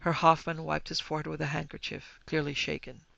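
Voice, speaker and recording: Gravelly man narrating a ghost story. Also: on the high side, level tone, a little fast, pushed and bright, no echo, lo-fi sound. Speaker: podcast host.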